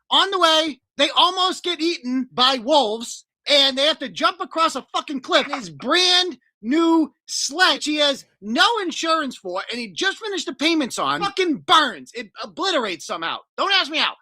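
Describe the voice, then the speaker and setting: Man with a bright, lively voice doing a cursing comedy rant; dry close sound. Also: extremely high pitch, normal speed, few pauses, no echo. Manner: profane, animated, sarcastic.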